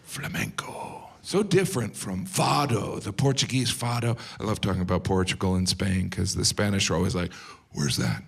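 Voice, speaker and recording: A middle-aged American man doing a stand-up set, deadpan, slipping into silly voices for the people he quotes. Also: fairly low pitch, a little fast, vocal fry, few pauses, a little hiss or hum. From United States. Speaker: stand-up comedian. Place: live comedy venue with audience.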